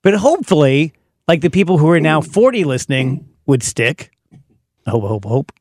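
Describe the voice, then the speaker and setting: A radio host in his fifties with a fairly high male voice, chatting in a casual, self-mocking way and laughing often. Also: very animated, normal speed, a little mellow. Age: 50s. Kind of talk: casual studio banter.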